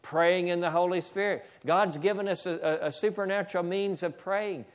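Preaching man, a bit high. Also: steady tone, moderate pace. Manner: preaching with frequent "Amen?" and asides to the slide operator. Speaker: pastor. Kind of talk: sermon. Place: church.

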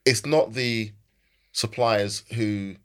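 A man, a company founder telling stories in an interview, animated and quick to laugh. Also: lowish voice. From England. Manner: animated anecdotes, plays quoted voices, laughs easily. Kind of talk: conversational interview storytelling.

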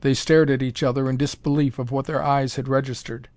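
A man reading a pulp adventure story aloud in a measured, plain narrating manner. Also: mid-range voice, level tone, a little mellow, dry recording.

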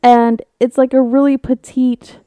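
A woman's voice: high-pitched, level tone, measured pace, no room sound, dull audio. A woman co-hosting a casual chat podcast, telling stories with swearing, laughs and funny voices. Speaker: podcast co-host.

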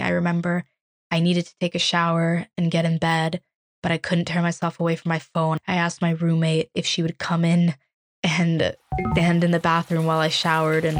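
A young woman from Ukraine, a podcast host, telling a personal story in an earnest, reflective way with halting restarts. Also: sits low, gravelly, no room sound, clean studio sound.

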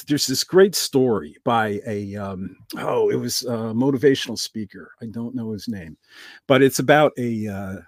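A man on a podcast telling a story casually, with lively swings in his voice. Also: mid-range voice, no echo, clean studio sound. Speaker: podcast guest.

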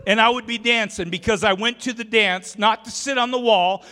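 A man with a high, bright voice preaches to a congregation in a church sanctuary. He tells homely stories and jokes with his listeners. His words ring out with a long hall reverb. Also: steady tone, normal speed. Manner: folksy storytelling, joking with the congregation. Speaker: pastor. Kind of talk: sermon.

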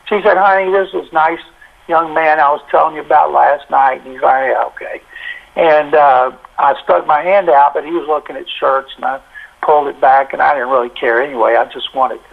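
An older man, a sportswriter guest in an interview, telling stories in a folksy, animated way with lots of quoted dialogue. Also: a little high, vocal fry. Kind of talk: anecdotal storytelling. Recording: tinny phone line.

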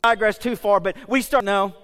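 Animated high-voiced male pastor preaching. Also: moderate pace, in a large hall. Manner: animated, conversational, joking asides, repeats "okay?". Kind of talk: sermon.

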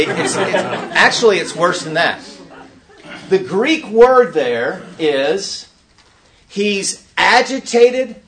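A man leading an interactive teaching session at a conference, quizzing his audience in an animated way. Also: high voice. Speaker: workshop teacher.

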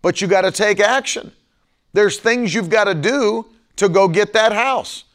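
A man with a fairly high voice preaching on a live broadcast. He drives points home by repeating them and drawing out the key words. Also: measured pace, a bit bright. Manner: repeats lines for emphasis, stretches key words. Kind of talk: sermon.

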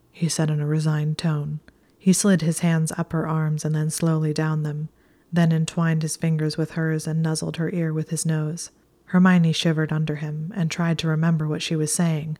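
A woman reading a story aloud in a soft, hushed, steady whisper. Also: low-pitched, moderate pace. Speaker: narrator.

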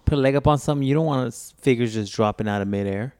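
A man's voice: medium pitch, rapid-fire, darkish tone, clean tone. A man in casual chat as co-host, laid-back and slangy, laughing often.

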